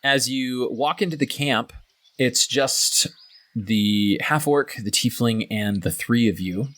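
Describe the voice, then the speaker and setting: A man narrating a tabletop game as game master in a relaxed, descriptive way. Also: medium pitch, takes it slowly.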